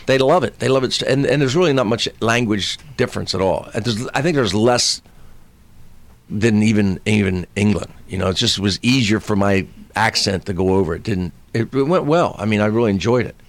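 A man who is a stand-up comedian, telling a story in casual chat, acting out the people in it and shouting some of their lines. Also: fairly low pitch, brisk. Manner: animated storyteller who acts out voices, shouting in bits.

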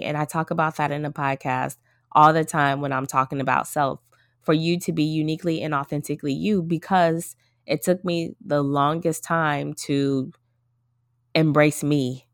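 A woman's voice: low voice, no echo, clean studio sound. A woman in her thirties hosting a casual solo podcast, talking to her listeners in an earnest, reflective way. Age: 30s. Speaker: podcast host.

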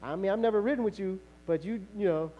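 A man's voice: sits high, fast talker, lo-fi sound. Laughing, storytelling male pastor. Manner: conversational storytelling with laughter and shouts. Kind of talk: sermon.

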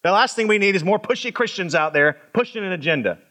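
A middle-aged man preaching a sermon as pastor, swinging from emphatic high lines to low, quiet asides. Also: animated, fast talker.

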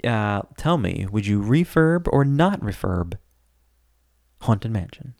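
A man co-hosting a podcast in casual chat, relaxed and rambling with fillers and restarts. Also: fairly low pitch, slow pace, vocal fry, no room sound, studio quality. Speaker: podcast co-host.

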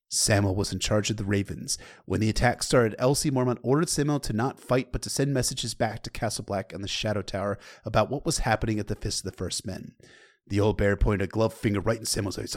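A man with a fairly low voice retells a story in his own loose, conversational style. He slips into casual asides to the listener and the odd curse along the way. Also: fairly quick. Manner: loose and conversational, with occasional profanity.

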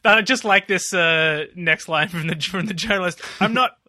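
High, bright young man. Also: no room sound, clean studio sound. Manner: quick quips, chuckling. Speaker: podcast co-host. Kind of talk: casual news chat.

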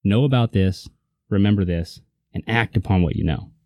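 A man's voice: low voice, moderate pace, a little mellow, dry recording. A man teaching a Bible lesson in a casual, emphatic way, often checking in with his listener. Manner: conversational, emphatic, checks in with "right?".

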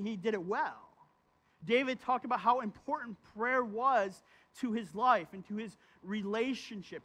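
High-voiced pastor preaching, full of "right?". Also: male voice, a bit bright. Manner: conversational, keeps asking "right?"; reads scripture aloud with feeling. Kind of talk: sermon.

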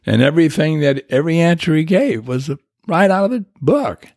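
An older man telling his recovery story in a rambling, reflective way, with restarts and soft chuckles. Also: on the high side, lively intonation, normal speed, creaky, dry recording, studio quality. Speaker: guest. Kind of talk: personal recovery story, conversational.

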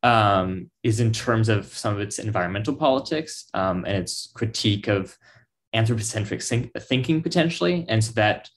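Male podcast guest, lower voice, academic, halting delivery. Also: animated. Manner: thoughtful, hesitant, with ums. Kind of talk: casual academic discussion.

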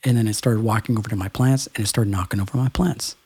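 Gravelly low-toned man chatting. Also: quick pace, a little mellow, no room sound. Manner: rambling, storytelling with filler words. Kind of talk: casual chat.

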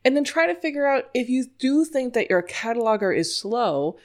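A woman's voice: on the high side, sing-song, moderate pace. A woman from New York who trains scent work dogs, giving an informal teaching talk in a chatty, emphatic way and often laughing at her own points.

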